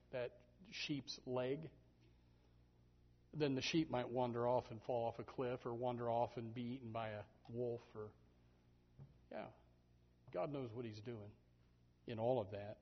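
A man preaching a sermon in a lively, animated manner, often stumbling over repeated words. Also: mid-range voice, slightly rough. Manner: animated, repetitive restarts, voices sheep and God aloud. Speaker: pastor. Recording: dull lo-fi recording.

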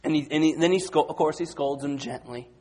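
A man preaching a sermon, moving between quiet, low passages and loud, excited retellings of the disciples. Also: a little fast. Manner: dynamic, swings from quiet to loud and high when acting out the disciples.

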